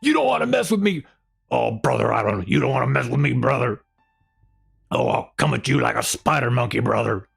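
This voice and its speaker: A man putting on the voice of a shouting professional wrestler, rough and strained, drawing out his boastful threats. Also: medium pitch, lively intonation, soft background music, exaggerated voice. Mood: boastful threatening. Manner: boastful threats, drawn-out "brother".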